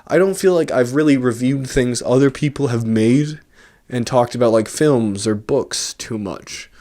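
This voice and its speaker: A man's voice: medium pitch, unhurried, dark tone. A man ranting casually in his own vlog, rambling and self-mocking with a sarcastic edge, into a large studio microphone. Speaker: vlogger.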